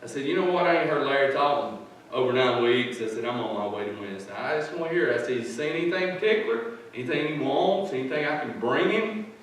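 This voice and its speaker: Pastor preaching in an echoey church. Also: male voice, medium pitch, lively intonation, fast, far from the mic, a little hiss or hum. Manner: plain-spoken, folksy storytelling. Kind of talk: sermon. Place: church sanctuary.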